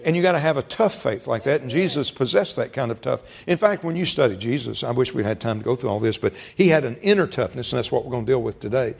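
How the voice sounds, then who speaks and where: A man's voice: medium pitch, animated, quick pace, creaky, few pauses, husky. A man preaching a sermon as pastor, folksy, repeating words and rising for emphasis.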